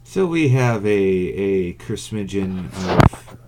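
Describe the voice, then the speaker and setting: A man co-hosting a gaming podcast, talking in a deadpan way with many halting restarts. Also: low voice, heavy background noise. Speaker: podcast co-host. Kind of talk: casual gaming chat.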